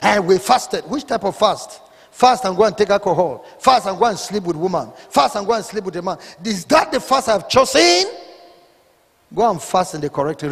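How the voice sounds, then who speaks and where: A high-pitched man with a Nigerian accent preaches fervently, swinging between scripture reading and loud rebuking questions. His voice rings out with a long reverb in a church hall. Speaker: pastor. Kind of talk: sermon.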